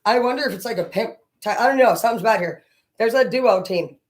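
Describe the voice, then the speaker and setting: A woman's voice: fairly high pitch, fairly quick, roomy sound, recorded from a distance, poor audio. Profane, rambling woman telling wild stories. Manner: profane, rambling, excitable storyteller. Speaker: tarot reader. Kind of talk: casual spiritual reading vlog with storytelling.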